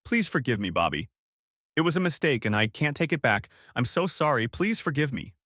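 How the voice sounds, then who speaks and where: A man's voice: medium pitch, very animated, fairly quick, pushed and bright, no room sound, clean studio sound, pitched above the performer's own voice. A man reading the lines of a young woman who pleads and sobs to her boyfriend, in a storybook narration. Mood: pleading. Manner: pleading, sobbing.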